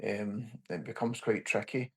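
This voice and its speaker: A man's voice: on the low side, fairly even intonation, gravelly, a bit bright, slightly rough. A man with a strong working-class Scottish accent, hosting a casual podcast interview and chatting agreeably. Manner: chatty, agreeable, quick to laugh. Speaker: podcast host.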